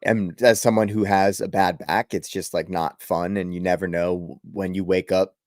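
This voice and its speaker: A man's voice: deep voice, moderate pace, dry recording, clean studio sound. A young man from the Boston area, co-hosting a casual sports chat in a rambling, laughing way. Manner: relaxed, rambling, laughs often. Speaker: podcast co-host.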